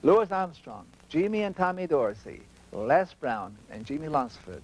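Host, man, 60s, from Texas; calm, measured scripted narration, slightly higher pitch. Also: breathy edge, poor audio. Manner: reminiscing, measured storytelling.

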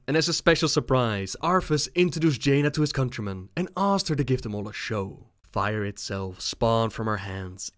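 A man narrating video game lore in a measured, calm storytelling manner. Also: mid-range voice, no room sound, studio quality.

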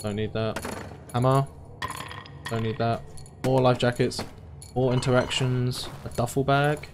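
Young gaming commentator, chatty, playful, reacting aloud, faint noise. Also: male voice, medium pitch, fairly even intonation, unhurried. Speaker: gaming YouTuber. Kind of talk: let's play commentary.

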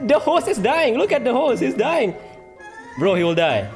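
A streamer giving excitable live gameplay commentary, full of trash talk, laughter, repeated taunts and non-native English grammar. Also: high-pitched, takes it slowly, over music. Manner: taunting, repeats short phrases.

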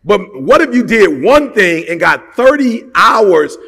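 A man's voice: high voice, sing-song, slow pace, gravelly, pushed and bright, big-room sound. A man giving a motivational talk, emphatic and colloquial, firing off rhetorical questions. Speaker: motivational speaker.

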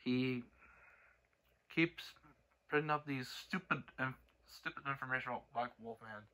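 A young man ranting straight to camera, exasperated and scolding, tripping over restarts and swinging between low mutters and shouted outbursts. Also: unhurried. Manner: stumbling restarts. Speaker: cartoon creator. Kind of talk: angry direct-to-camera rant.

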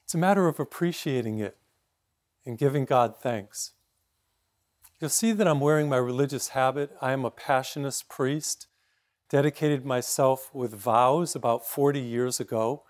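A man in his sixties from Massachusetts, a priest giving a sermon in a steady, reflective storytelling way. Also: medium pitch, normal speed.

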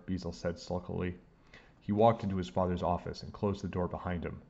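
A man reading a children's book aloud with expressive delivery. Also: low voice, fairly quick, creaky, highs cut off. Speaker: storybook reader.

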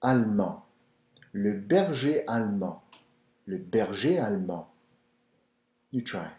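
Man, low mellow voice, slow and patient language tutor in a roomy space. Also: lively intonation. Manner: patient, repeats words for the listener to copy. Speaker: French language teacher. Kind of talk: slow, repetitive pronunciation lesson. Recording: roomy echo.

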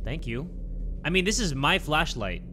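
Excitable high-voiced young man gaming. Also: normal speed, slight background noise. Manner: excitable, joking, profane, yells when startled. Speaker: gaming video host. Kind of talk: let's play commentary.

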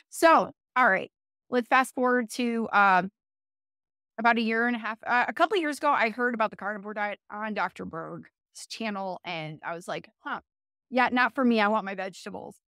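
A woman's voice: a little high, expressive, normal speed, pushed and bright, smooth, no echo, clean studio sound. A woman speaking as an interview guest, telling her story in a casual, chatty way, full of fillers and self-corrections and often laughing.

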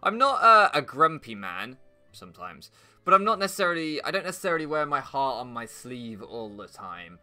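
A man's voice: on the high side, very animated, normal speed, sharp tone, faint music behind. A young British man playing a game and rambling through casual commentary, sarcastic, swearing and bursting into mock outrage. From Britain. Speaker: gaming YouTuber. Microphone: floor mic at first, then desk mic.

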